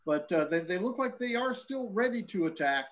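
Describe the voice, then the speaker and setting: A man narrating a tabletop role-playing game as game master, relaxed and thinking aloud with fillers. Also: sits high, normal speed, low-quality recording.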